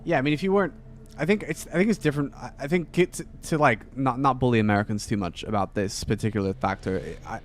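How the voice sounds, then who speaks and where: Speaking at medium pitch, this man talks fast with hardly any pauses, with a little hiss or hum in the background. He's a game streamer chatting casually while he plays, rambling and often restarting or filling gaps.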